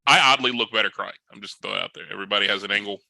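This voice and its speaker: A man's voice: fairly low pitch, racing, vocal fry, pushed and bright, dry recording, rough recording. A man co-hosting a podcast, teasing the others in a playful, slangy way. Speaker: podcast co-host. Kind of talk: casual podcast chat.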